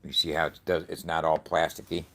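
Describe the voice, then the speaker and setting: In a print-shop vlog, a man chats casually to the camera with motivational intent, swearing, wandering off topic, and saying things over again. He speaks briskly in an extremely low voice that stays level in tone yet sounds bright and forceful.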